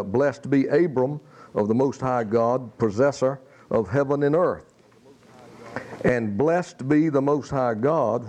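A man preaching a sermon, reading scripture slowly and then explaining it in plain, emphatic spoken style. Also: medium pitch, dark tone, dull audio.

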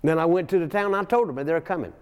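This is a rapid-fire man with a smooth voice on the high side, preaching in a church sanctuary. He reads scripture aloud and tells folksy stories with chuckling asides, all wrapped in long church reverb.

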